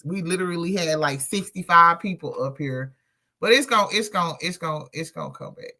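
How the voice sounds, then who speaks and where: This is a woman hosting a casual livestream who talks to her viewers like friends. Her delivery is blunt and loose, with plenty of swearing. The voice is gravelly, with a bright, forceful tone. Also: deep voice, sing-song, moderate pace. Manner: blunt and profane, talks straight to chat. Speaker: livestream host.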